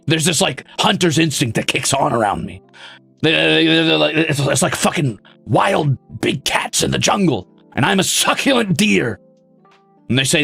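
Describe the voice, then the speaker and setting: Gravelly guy streamer, lively pitch, cussing and snarky, dry close mic. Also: a little fast, dry recording, soft background music. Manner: brash, sarcastic, swearing, mock-grumpy. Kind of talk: casual chat reading donations.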